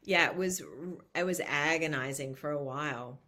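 A woman in her fifties from Australia, with an Australian accent carrying a slight American lilt, talking candidly as an interview guest, with lively restarts and a ready laugh. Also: sits low, moderate pace. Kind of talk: casual conversational interview.

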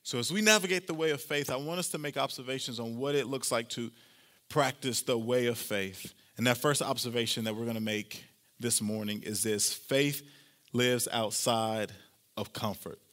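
A male pastor giving a lively, conversational sermon, using casual slang as he preaches to his congregation. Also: medium pitch, fairly quick.

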